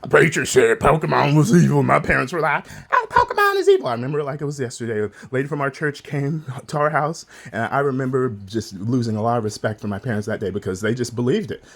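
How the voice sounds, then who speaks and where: A man's voice: mid-range voice, steady tone, fast, gravelly, hardly any pauses. A young man talking through hard personal memories in a rambling, emotional monologue that is full of swearing. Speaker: vlogger.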